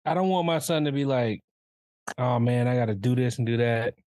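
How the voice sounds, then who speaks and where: A man's voice: medium pitch, fairly quick, no room sound. Laid-back man in casual podcast chat. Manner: relaxed, brief interjections and short anecdotes. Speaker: podcast co-host.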